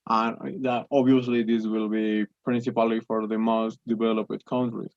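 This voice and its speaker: A man's voice: fairly low pitch, level tone, moderate pace, darkish tone, dry recording. Casting: young man, native Spanish speaker, hesitant learner English full of restarts, dry close sound, dull lo-fi call audio. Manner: hesitant, many restarts and fillers. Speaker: English student. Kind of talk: conversation practice.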